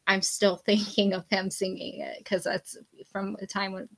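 Picture a woman in her forties, a podcast guest in casual conversation about faith. She talks candidly and rambles a little, laughing through her own stories. Her pitch sits at a medium level. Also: little pitch movement, a little slow, rough recording.

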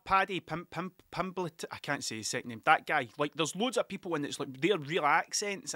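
A young Scottish man rambles through a casual solo podcast, swearing freely and drifting between stories. His voice sits a little high and sounds bright and forceful. The recording is dry and close to the mic. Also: no room sound. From Scotland. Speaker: podcast host.

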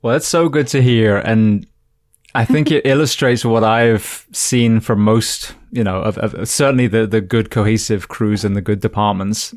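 A man hosting an interview podcast who talks in an earnest, reflective way and lets his sentences run long. His voice sits fairly low. The sound is dry and close to the mic. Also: moderate pace, no room sound. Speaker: podcast host. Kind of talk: conversational interview.

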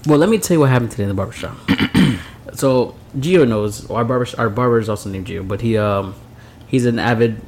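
An animated man spinning a long story on a casual podcast, laughing as the punchlines land. His voice is mid-pitched, with faint noise behind it. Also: fairly quick. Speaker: podcast co-host. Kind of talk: casual drinking-podcast chat.

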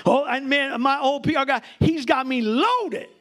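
High-voiced preaching pastor, shouting. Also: male voice, measured pace. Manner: preaching with shouted peaks and laughter, talks to the congregation. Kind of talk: sermon. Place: church before a congregation.

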